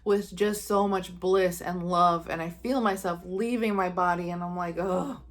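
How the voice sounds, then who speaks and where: A woman's voice: fairly low pitch, steady tone, measured pace. A young woman, a psychic medium, earnestly telling a personal story to her viewers and acting out her own thoughts with feeling. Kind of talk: casual personal storytelling to camera.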